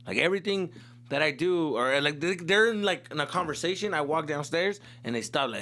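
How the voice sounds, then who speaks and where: A man's voice: on the high side, animated, a little fast, bright, forceful tone. A young male comedian hosting his own podcast, rambling profanely through a casual monologue and switching into Spanish slang.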